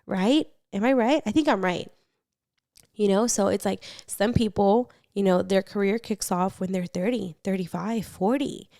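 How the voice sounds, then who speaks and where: A woman's voice: mid-range voice, moderate pace, dry recording. Chatty young woman podcast host, dry sound. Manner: chatty, animated, swears casually. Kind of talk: casual advice chat.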